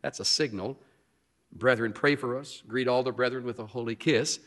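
A man's voice: mid-range voice, moderate pace. Man preaching a sermon, leans hard on key words, big echoey sanctuary sound. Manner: animated, stretches key words for emphasis. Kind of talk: expository sermon. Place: church sanctuary. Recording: long reverb of a hall.

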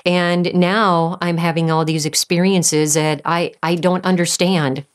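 A woman giving a personal faith testimony, earnest and halting, often restarting her sentences. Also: lowish voice, level tone. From Southern California. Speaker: testimony speaker.

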